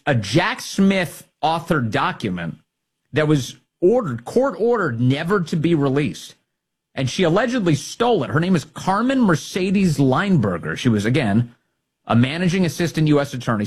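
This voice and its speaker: A man's voice: mid-range voice, slightly rough. A man hosting a political talk show, sarcastic and heated, throwing insults and mocking his targets. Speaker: radio talk show host. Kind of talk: opinionated political talk radio.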